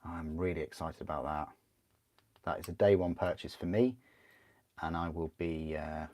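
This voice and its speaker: A man's voice: sits low, darkish tone. A man chatting casually on a livestream while building a model kit, rambling, answering chat and laughing often.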